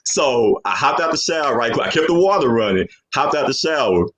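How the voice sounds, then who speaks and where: A man's voice: medium pitch, lively intonation, a little fast, fairly bright tone. A young man hosting a podcast, talking in a loose, rambling way and filling his sentences with "you know what I'm saying". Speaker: podcast host. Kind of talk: casual chat.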